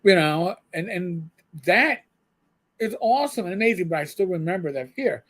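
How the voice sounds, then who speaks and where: Man, middle-aged, co-host, casual rambling chat, stammering restarts, high-pitched. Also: lively intonation, normal speed, a bit bright. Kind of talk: casual chat on a live show.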